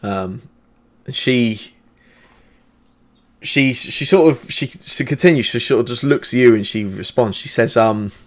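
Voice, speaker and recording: A man runs a tabletop game as game master, describing the scene step by step. He hesitates often and restarts his sentences. His voice sits at a middling pitch. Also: measured pace, pauses often. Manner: hesitant, many fillers and restarts.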